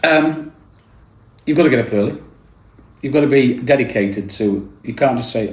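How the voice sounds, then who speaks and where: A man, a radio presenter chatting casually in an interview, jokey and quick with asides. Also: medium pitch, a little mellow. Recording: echoey room.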